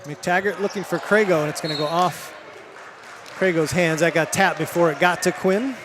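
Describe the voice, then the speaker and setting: A man with a high voice and a Michigan accent calls high school basketball play by play, rising sharply for big plays. Gym noise and bouncing balls fill the background. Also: fairly even intonation. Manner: quick play calling, rising for big plays, self-correcting names. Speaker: play-by-play announcer. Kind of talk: live basketball commentary.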